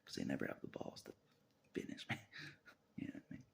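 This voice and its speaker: A man vlogging alone to his camera in a rambling monologue, swinging between loud outbursts and low muttering, breaking into laughs. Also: quick pace, a little hiss or hum. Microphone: camera mic.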